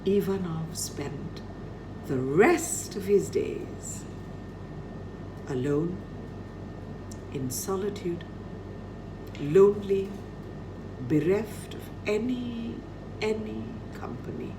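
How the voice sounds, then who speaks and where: A woman's voice: medium pitch, expressive, drawn-out words, long pauses, noisy background. A woman telling a children's story dramatically, dropping to near-whispers for effect.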